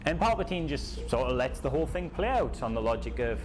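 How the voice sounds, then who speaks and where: A man tells a story in a casual, animated way, acting out the scenes as he goes. His voice sits at a middling pitch. Soft music plays faintly underneath. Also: fairly quick, few pauses. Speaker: YouTube creator.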